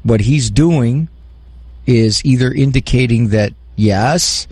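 Gravelly, frank male advice host. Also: medium pitch, lively intonation, a little slow, no room sound. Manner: frank, counseling, emphatic. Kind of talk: call-in advice talk.

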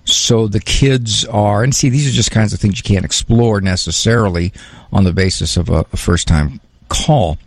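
Advice host: man, gravelly and husky, frank and emphatic, dry close sound. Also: lowish voice, moderate pace, no room sound. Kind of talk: call-in advice talk.

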